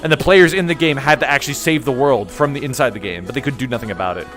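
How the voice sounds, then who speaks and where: A man's voice: medium pitch, quick pace, a bit bright, faint music behind. A young man chatting casually on a live stream, rambling and jokey as he reads chat aloud.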